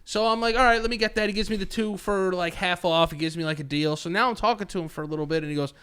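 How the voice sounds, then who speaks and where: A man's voice: high-pitched, rapid-fire, fairly bright tone, smooth. A man co-hosting a podcast, telling a story in casual chat with lots of swearing and quoted voices. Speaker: podcast co-host.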